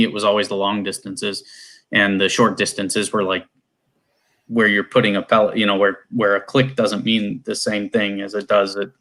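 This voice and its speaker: A man's voice: fairly low pitch, pushed and bright. A man from Cleveland, a guest competition shooter, chatting in a loose, rambling, conversational way over a video call. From Cleveland, USA. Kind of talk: casual conversation.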